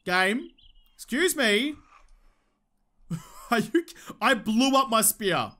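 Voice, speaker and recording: A young man with an Australian accent talks through his gameplay in a loose, joking way, often speaking straight to the game. His voice sits high and bright. It swings up and down freely as he talks. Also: big pitch swings, takes it slowly, pauses often. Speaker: gaming YouTuber. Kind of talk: casual gameplay commentary.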